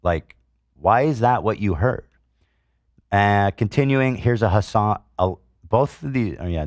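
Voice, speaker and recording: Deep-voiced, indignant male podcast host. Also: darkish tone, dry recording, clean studio sound. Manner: indignant, swears, reads comments aloud with sarcasm. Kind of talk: heated commentary monologue.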